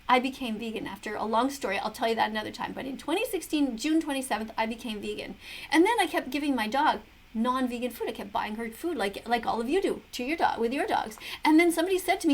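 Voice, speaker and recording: A middle-aged woman giving preachy, earnest commentary on a video, full of rhetorical questions. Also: high-pitched. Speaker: vegan commentator reacting to a video. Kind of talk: casual commentary to camera.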